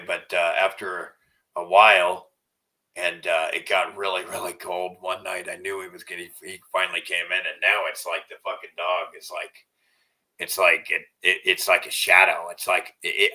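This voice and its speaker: A man's voice: sits low, recorded from a distance, low-quality recording. A man talking casually to camera in a profane, rambling way, repeating himself, and at times cooing to his dog. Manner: soft cooing baby talk to his dog. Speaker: vlogger.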